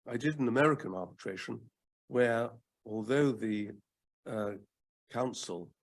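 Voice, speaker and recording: An older man from the United Kingdom, a former advocate, speaking in a fireside chat. He talks in a measured way, repeats words for emphasis and pauses often with ums. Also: medium pitch, gravelly.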